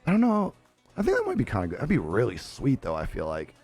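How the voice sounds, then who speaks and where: Laid-back young streamer guy, lively voice. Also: mid-range voice, fast, breathy edge. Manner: laid-back, laughs often, swears casually. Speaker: live streamer. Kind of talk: casual chat reading viewer comments. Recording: dry close sound with faint music behind.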